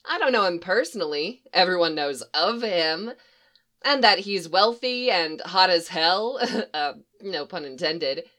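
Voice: mid-range voice, lively intonation, measured pace, bright, forceful tone. A reader doing a gushing young American woman.

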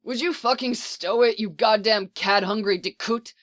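A reader voicing an irritated clone soldier man who yells and curses from a bunk. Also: medium pitch, normal speed, no echo, studio quality, voice pushed up, close to an everyday voice. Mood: furious. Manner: yelling angrily, cursing.

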